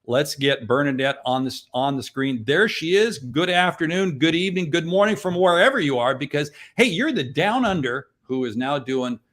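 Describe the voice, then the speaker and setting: A man's voice: fairly high pitch, normal speed, hardly any pauses. A middle-aged man hosting a sales podcast, upbeat and playful, cutting in with jokes. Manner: jokey, energetic, playful interjections. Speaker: podcast host. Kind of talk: upbeat interview chat.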